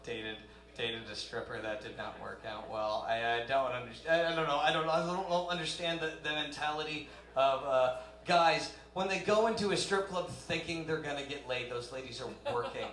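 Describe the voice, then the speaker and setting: A man's voice: medium pitch, moderate pace, fairly bright tone. A man doing a rambling, self-deprecating stand-up set on a live comedy club stage. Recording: roomy live club sound.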